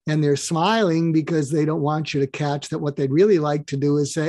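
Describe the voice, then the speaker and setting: Animated man telling teaching stories. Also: a little high, brisk, no room sound. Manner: animated storyteller who acts out dialogue. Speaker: podcast guest. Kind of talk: conversational interview, explaining with stories.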